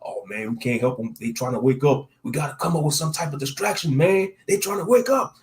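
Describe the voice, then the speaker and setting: A man's voice: fairly high pitch, brisk, lightly acted. A man voicing scheming men plotting at a table, urgent and conspiratorial, in his own voice.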